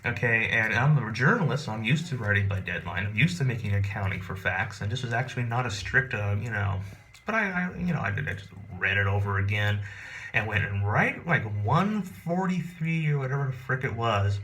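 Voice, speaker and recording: A man telling a personal story in a rambling, animated, profane, casual way. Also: on the low side, fairly quick, a little hiss or hum.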